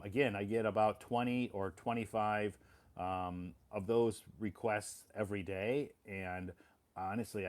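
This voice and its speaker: A man's voice: lowish voice, a little mellow. A man explaining things to English learners in a casual spoken monologue, plain and repetitive, often apologizing.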